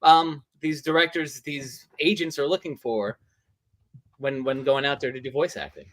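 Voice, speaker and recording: A man's voice: medium pitch, steady tone, moderate pace, a bit bright. A man hosting a casual interview, asking long, rambling questions. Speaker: host.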